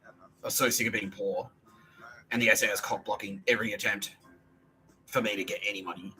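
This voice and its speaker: A man's voice: on the low side, fairly even intonation, brisk, sharp tone, poor audio. A man with an Australian accent, hosting a podcast, telling a rambling story full of swearing and laughter. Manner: profane, laughing, agitated storytelling. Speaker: podcast host. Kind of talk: rambling monologue.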